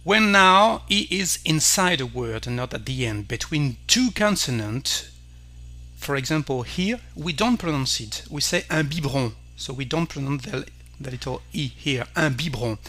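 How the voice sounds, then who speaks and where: Man, French accent, French teacher, slow careful delivery, bright tone. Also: a little high, animated. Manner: careful, repeats each word slowly. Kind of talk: slow pronunciation lesson.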